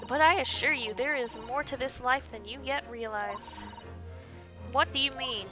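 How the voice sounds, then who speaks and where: A woman's voice: sits high, normal speed, over music, lightly acted. A woman voicing an earnest young male law student who speaks sincerely and reassuringly. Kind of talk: game dialogue read aloud.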